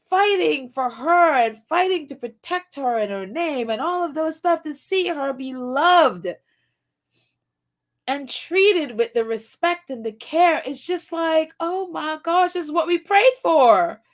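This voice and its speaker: Woman on a live stream reading chat, laughing and teary, high voice. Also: expressive, slow. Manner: gushing, laughing and near tears, reads chat aloud. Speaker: host of a live stream reading viewer comments. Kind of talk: emotional live-stream commentary. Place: New York.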